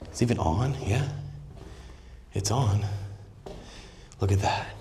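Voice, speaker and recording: A young man filming a casual walking travel vlog, talking straight to viewers in a joking, excitable way with plenty of swearing, out of breath as he goes. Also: fairly low pitch, slow pace, background noise. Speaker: travel vlogger. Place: outdoors and in stone tunnels of a sea fortress. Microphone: phone on a selfie stick.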